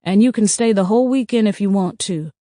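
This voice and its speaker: A woman's voice: mid-range voice, brisk, dark tone, no room sound, clean studio sound. A woman reading audiobook dialogue in a conversational, easygoing way. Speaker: audiobook narrator.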